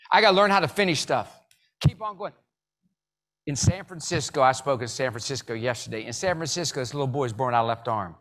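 This motivational speaker, a man with a medium-pitched voice and a slightly fast pace, gives a live keynote. He mixes jokey stories with audience call-and-response punctuated by sudden loud bursts.

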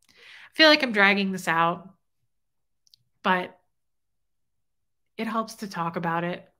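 Bright-voiced woman hosting a heartfelt livestream. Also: mid-range voice, gravelly. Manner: heartfelt, openly emotional, chatty. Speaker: livestream host. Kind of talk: casual livestream chat reading comments.

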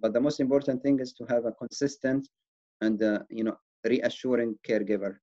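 A man's voice: medium pitch, fairly even intonation, a little fast, dark tone. A man giving an earnest, reassuring educational talk on wellness. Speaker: wellness presenter. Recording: dull lo-fi recording.

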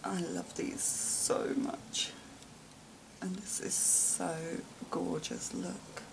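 A woman in a home vlog, talking slowly in a low, gravelly voice as she gushes over gifts in breathy exclamations and soft whispers. Steady background hiss runs under the noisy recording. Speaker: vlogger unboxing gifts. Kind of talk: casual show-and-tell unboxing.

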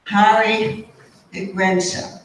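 Older woman, slow deliberate storytelling, far from the mic, booming hall echo, faint noise. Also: little pitch movement. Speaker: guest speaker. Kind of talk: storytelling testimony. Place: high school auditorium.

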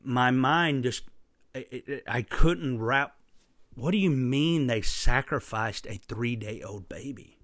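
A man preaching a sermon through a personal story, impassioned and emphatic, with sudden loud bursts. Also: medium pitch, dry recording, clean studio sound.

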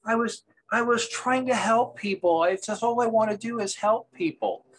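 A man voicing a distraught woman mystic who keeps apologizing through sobs, pitched well above his own voice. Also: normal speed, a bit bright, poor audio. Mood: sobbing, apologetic. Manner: tearful, repeating apologies in a high voice.

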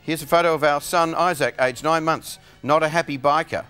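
A man's voice: fairly high pitch, steady tone, fairly quick, a bit bright, soft background music. A man hosting a live variety show, casually reading viewer letters with chatty, playful asides and chuckles. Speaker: host.

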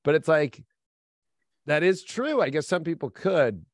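A man's voice: a little high, very animated, unhurried, no echo, clean studio sound. A man who works as an astrologer, telling stories in a casual podcast chat, rambling with lots of fillers. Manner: rambling, filler-heavy storytelling. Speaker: astrologer guest.

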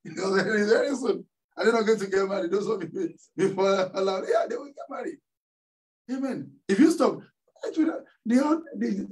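Nigerian pastor preaching, call-and-response. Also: male voice, sits high, dark tone. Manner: call-and-response questions to the congregation. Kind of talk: sermon. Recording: voice somewhat distant from the mic.

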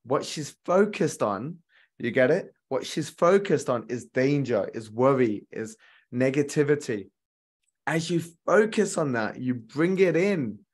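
A man's voice: mid-range voice, animated, unhurried, husky. A man giving a motivational relationship coaching talk straight to viewers, earnest and repeating key lines for emphasis.

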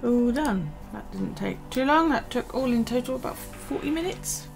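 A woman's voice: on the high side, expressive, moderate pace, vocal fry, faint music behind. A woman from the UK, chatting casually in her vlog, tired and yawning, rambling with many ums and restarts. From United Kingdom. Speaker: vlogger. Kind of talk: casual chat over a journaling video.

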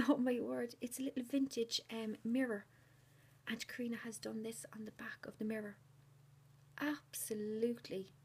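A woman, gushing over handmade gifts in a casual unboxing vlog and often dropping into a hushed whisper. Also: a little high, a little hiss or hum. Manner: repeats delighted exclamations. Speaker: crafter unboxing a swap gift.

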